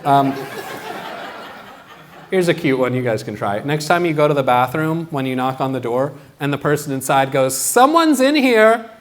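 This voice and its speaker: A young man from Washington, D.C., doing a stand-up comedy set in a gallery venue, with a deadpan, halting delivery and acted-out quotes. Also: medium pitch. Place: art gallery venue with live audience.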